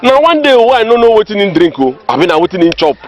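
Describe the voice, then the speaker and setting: A man's voice: sits high, sing-song, fast, lo-fi sound. An actor playing a gossiping village man who insistently tells his friend the news in Nigerian Pidgin. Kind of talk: comedy film acting.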